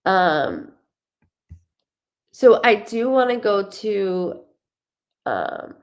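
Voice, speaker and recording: A woman giving a live psychic reading, chatty and animated, often restarting her sentences as she relays messages. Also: mid-range voice, extremely slow. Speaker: psychic medium.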